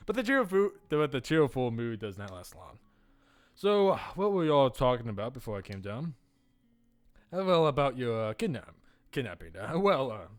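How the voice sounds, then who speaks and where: Animated man reading a game aloud. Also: mid-range voice, no echo. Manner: animated, stumbling jokily over lines. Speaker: let's play host reading a visual novel aloud. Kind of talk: playful reading of game dialogue with asides.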